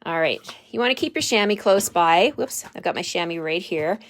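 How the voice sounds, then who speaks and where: A woman's voice: fairly low pitch, animated, normal speed. A woman hosting a live card-stamping demonstration, chatty and friendly, thinking aloud as she works.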